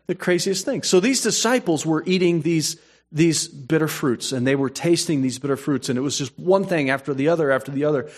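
A man preaching a sermon, moving between hushed storytelling and emphatic, rising points. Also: a little high, a little fast. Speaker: pastor.

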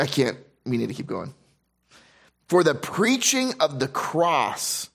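A man's voice: mid-range voice, fairly bright tone. A man preaching a sermon, reading scripture aloud and explaining it with emphatic repetition and frequent restarts. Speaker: pastor.

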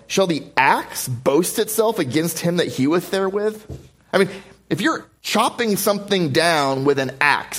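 Guy preaching, reads the old bible verses slow then explains them. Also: on the high side, breathy edge. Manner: reads scripture slowly in King James wording. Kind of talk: sermon.

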